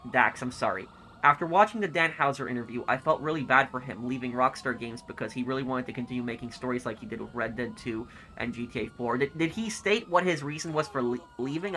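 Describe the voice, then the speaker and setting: A male streamer chats through a live game session, reading viewer comments aloud and answering them. His bright, forward voice rambles in a friendly way and often restarts mid-thought. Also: medium pitch. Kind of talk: casual livestream chat reading comments.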